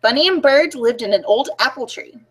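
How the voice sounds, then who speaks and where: A woman librarian reading picture books aloud at a children's storytime, sing-song and animated, asking the kids questions. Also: high-pitched, a little fast, slight background noise.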